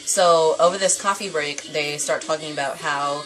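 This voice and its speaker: A young woman vlogging a casual anime review, rambling and animated as she retells the plot. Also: sits low, over music, rough recording. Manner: rambling, quick and animated storytelling.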